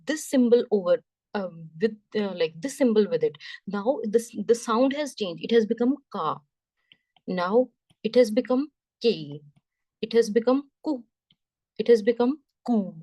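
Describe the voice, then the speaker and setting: A woman teaching French, explaining slowly step by step, often repeating herself and checking in with "right?". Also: medium pitch, mellow, no room sound. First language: Punjabi. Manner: slow, repetitive, checks understanding with "right?". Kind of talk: classroom lesson explanation.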